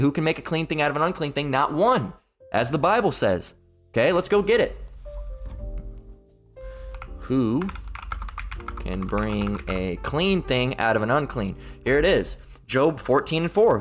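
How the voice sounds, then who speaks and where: A man's voice: fairly high pitch, fairly bright tone. A man hosting a religious commentary video, ranting heatedly and repetitively, swearing and reading passages aloud.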